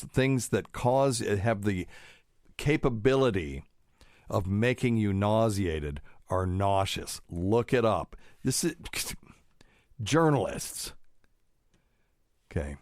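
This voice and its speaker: A man's voice: lowish voice, dry recording, clean studio sound. A middle-aged man hosting his own podcast as a doctor, talking casually with lots of fillers and pedantic asides. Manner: rambling, pedantic, many fillers. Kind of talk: casual solo podcast talk.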